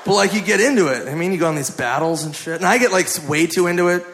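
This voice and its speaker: A man's voice: high voice, fast talker, a bit bright, reverberant. A male stand-up comedian telling a story on stage in a rambling, profane way, full of "like", recorded live with a laughing crowd.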